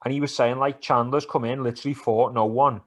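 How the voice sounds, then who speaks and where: A man co-hosts a casual sports podcast. He talks in an animated, sweary way and teases his mate often, at a mid-range pitch. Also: fast. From England. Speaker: podcast co-host. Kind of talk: casual banter about football and MMA.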